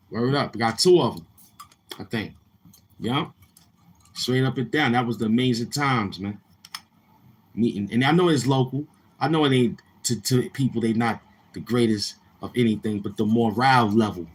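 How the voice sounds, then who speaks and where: On his livestream, a host from Brooklyn, New York tells rambling, repetitive stories, quoting dialogue and performing others' lines in loose street talk. He has a mid-range voice with a breathy edge.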